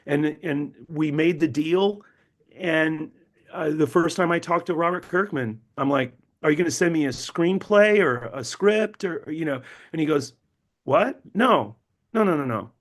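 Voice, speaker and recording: A middle-aged man, a novelist being interviewed, telling stories animatedly, acting out quotes and often repeating words as he restarts. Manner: animated, acts out quotes with big pitch jumps. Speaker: novelist guest.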